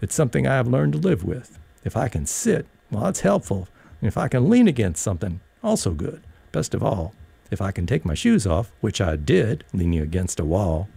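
A man's voice: lowish voice, big pitch swings, moderate pace, creaky, warm tone, slightly rough, no echo. A man reading a first-person story aloud in an audiobook, wry and rambling. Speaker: narrator.

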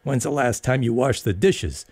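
A man's voice: medium pitch, animated, moderate pace, a little mellow, no echo, voice pushed up. A man voicing a stern, nagging middle-aged mother who scolds sharply. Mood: scolding.

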